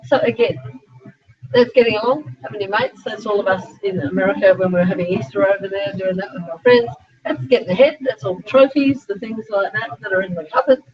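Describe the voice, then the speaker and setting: A middle-aged Australian woman, speaking as a sport psychologist, gives a chatty, animated talk to a small group of students, full of asides. Her medium-pitched voice moves a little fast, and the recording is dull and lo-fi.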